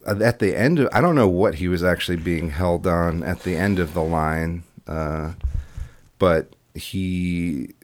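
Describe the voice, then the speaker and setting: A man's voice: low-pitched, measured pace. A man guest in a casual podcast interview, talking in a rambling way with many fillers and restarts. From Iowa. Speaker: podcast guest, political candidate.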